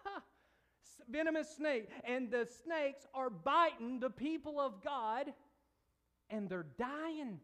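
A man preaching a sermon, retelling a scripture story with playful asides and big swings between quiet and emphatic delivery. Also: takes it slowly. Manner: storytelling, rises and drops in pitch and volume, playful asides.

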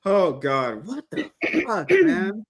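A man co-hosting a casual podcast and running the stream, animated, swearing and laughing. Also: sits high.

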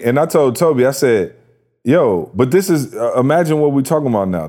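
A man's voice: fairly high pitch, darkish tone. A man co-hosting a podcast in a casual, slangy, joking way. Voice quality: laid-back, slangy, joking. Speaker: podcast co-host. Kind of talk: casual chat.

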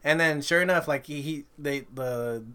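A man co-hosting a podcast, chatting excitedly about movies and comics, swearing constantly and acting out lines. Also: a little high, normal speed, smooth. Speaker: podcast co-host. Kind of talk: casual profane chat about movies and comics.

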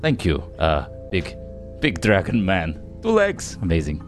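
A man's voice: sits low, huge pitch swings, unhurried, soft background music. A man playing his character in a tabletop game, blunt and wry. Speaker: player voicing his character.

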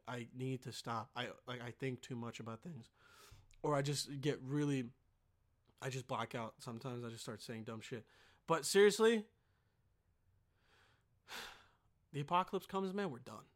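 A young man vlogging to camera in a profane, rambling, heated rant full of fillers. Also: medium pitch.

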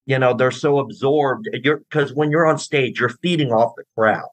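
A man's voice: medium pitch, normal speed, no room sound, rough recording. A man chatting as an interview guest, talking at length in a rambling way with many restarts and fillers. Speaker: guest, drummer in a band tribute act. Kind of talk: casual interview chat.

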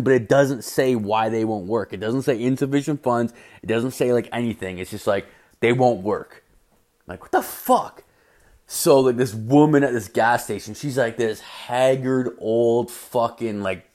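A man rambles through a story of his bad day, dropping curses into nearly every line. He acts out the people he met as he goes. His voice sits at an everyday middle pitch. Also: moderate pace, darkish tone. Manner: swears constantly, acts out quoted people. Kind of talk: rambling profane story rant. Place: at home late at night.

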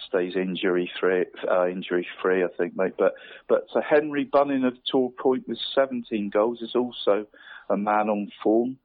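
A man's voice: on the low side, moderate pace. A man giving a football league round-up on a radio show, hesitant and repeating words, calling the host "mate" all the time. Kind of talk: radio sports round-up over the phone. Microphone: phone line. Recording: tinny phone line.

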